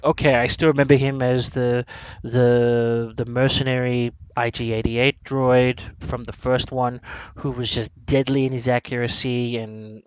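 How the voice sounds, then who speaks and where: A man co-hosting a casual chat, rambling and animated, with many restarts and some swearing. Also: mid-range voice, no echo, poor audio. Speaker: podcast co-host.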